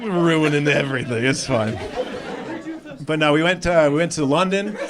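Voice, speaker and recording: A young American-accented man works a comedy club stage into a handheld mic. His voice sits a bit high, and he leaps higher still when acting out other people. Laughter from a packed room rolls under his set. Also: normal speed, crowd noise. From Australia. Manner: animated, jumps up in pitch for acted-out quotes. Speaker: stand-up comedian. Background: audience laughter.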